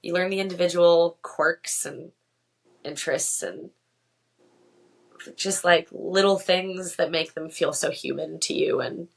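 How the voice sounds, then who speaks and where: Podcast guest, woman, Massachusetts accent, eager, teasing, lowish voice. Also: steady tone, gravelly. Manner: enthusiastic, teasing, quick to laugh. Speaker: guest, whale conservationist. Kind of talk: casual interview chat.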